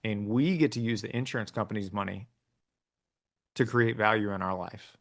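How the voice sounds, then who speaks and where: A man's voice: on the low side, moderate pace. Man telling a story with fillers. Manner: relaxed storytelling with many fillers. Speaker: guest. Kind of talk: casual interview conversation.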